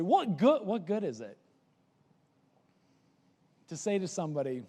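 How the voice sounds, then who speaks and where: A man preaching a casual, conversational sermon as pastor, chatty and full of restarts and lively asides. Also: fairly high pitch, normal speed, long pauses. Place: church sanctuary. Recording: church hall with long reverb.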